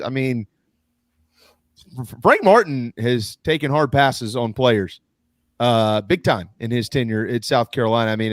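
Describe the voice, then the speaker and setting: Male sports talk host, middle pitch, easygoing banter, dry close sound. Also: no echo. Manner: easygoing, quick to laugh and tease. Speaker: radio host. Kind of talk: casual sports radio talk.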